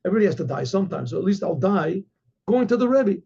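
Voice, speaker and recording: An exhausted, pleading old man around eighty, worn out and half frozen, as a storyteller puts him on. The voice is gravelly and a little husky. It comes through a dull, lo-fi recording. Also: high voice, big pitch swings, quick pace, warm tone, heavily acted. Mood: weary. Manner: pleading, weary.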